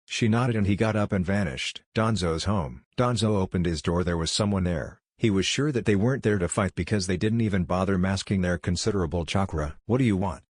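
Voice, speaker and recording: A man narrating a fan story aloud with a plain, even delivery. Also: deep voice, a little fast, few pauses, no echo, clean studio sound.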